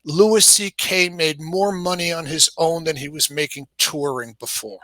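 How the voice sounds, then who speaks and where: A man with a New York accent talks in a casual conversation, his voice pitched a little high and bright. The sound is close and dry. He circles back over his words, restarting sentences as he works out each point. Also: normal speed, no echo. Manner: thoughtful, many restarts and repeated words. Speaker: game publisher guest. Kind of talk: casual discussion.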